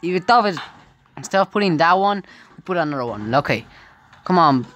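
A woman's voice: fairly low pitch, animated, fairly quick, a bit bright, slight background noise. A woman giving casual gameplay commentary, often exclaiming in frustration and laughing at the game. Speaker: gaming video creator.

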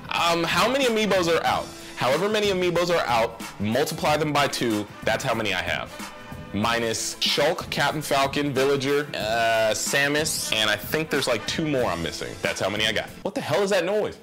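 Young male vlog host, animated and giggly, music bed. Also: a little high, normal speed. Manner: giggly, self-mocking. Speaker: YouTuber host. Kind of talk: Q&A comedy vlog. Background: background music.

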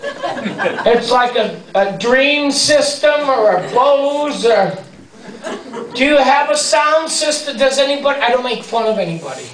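A man doing stand-up with an unusually high, slow, exasperated delivery that keeps building into shouted rants. He is heard from a distance in a reverberant theater, with a big crowd roaring behind him. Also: lively intonation. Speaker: stand-up comedian. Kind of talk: stand-up comedy routine. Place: theater stage before a large laughing audience. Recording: roomy live hall recording from a distance, loud audience.

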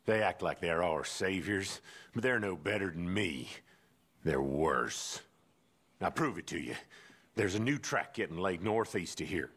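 An actor voicing a gruff, menacing male outlaw quest-giver in a video game, with slow, contemptuous speech. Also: low-pitched, expressive, a bit bright, exaggerated voice. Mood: scornful.

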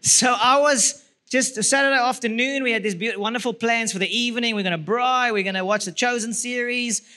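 Lively South African man, bright tone, church speaker telling a story. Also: very high voice, fairly quick. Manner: lively, laughs through his story. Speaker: marriage seminar speaker.

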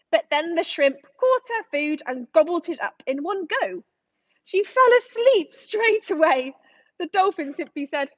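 A woman with a very high voice tells a rhyming children's story in a slow, sing-song way. The sound is dry and a little dull. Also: no room sound. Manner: sing-song, expressive rhyming read-aloud. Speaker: aquarium educator reading a story to children.

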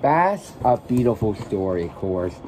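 A man in a casual vlog reviewing a classic film, rambling and halting as he corrects himself mid-sentence. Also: fairly low pitch, big pitch swings, darkish tone, slight background noise, rough recording. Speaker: vlogger, film fan.

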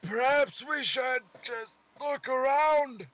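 Casting note: polite young schoolgirl with a put-on Scottish accent, high strained falsetto, slow and drawn-out, as a man does her for a game. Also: fairly bright tone, dry recording, exaggerated voice, low-quality recording. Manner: slow, drawn-out line reading.

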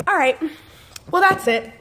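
High-voiced young woman ranting casually. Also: expressive, measured pace, background noise. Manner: chatty and exasperated, heavy use of "like". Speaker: vlogger. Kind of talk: casual storytelling to camera.

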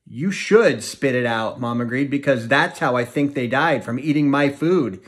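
A man's voice: medium pitch, moderate pace, lightly acted. A man voicing an anxious, emotional middle-aged mother in an audiobook reading. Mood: distraught. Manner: anxious, emotional, prone to dramatics. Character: fretful thrifty small-town mother, middle-aged woman.

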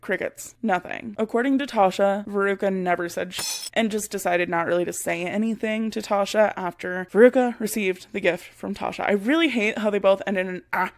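A woman's voice: mid-range voice, moderate pace. A woman hosting her own channel, giving chatty, sarcastic and blunt commentary. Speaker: commentary YouTuber. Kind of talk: casual commentary.

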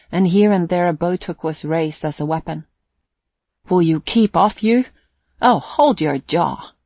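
A man narrating an audiobook, reading briskly and raising his voice for characters' lines. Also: a little high, no room sound. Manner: reads at a brisk pace, gives characters louder lines. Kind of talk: scripted narration.

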